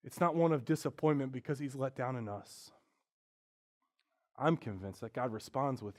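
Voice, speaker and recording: A pastor preaching a sermon, earnest and candid, moving from quiet reflection to loud, animated stretches. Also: male voice, medium pitch, normal speed, long pauses.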